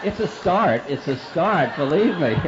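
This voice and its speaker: A spiritual teacher telling a story to an audience in a candid, self-mocking, animated way. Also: male voice, a little high, a little slow, a crowd in the background, background noise. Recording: roomy, dull lo-fi recording.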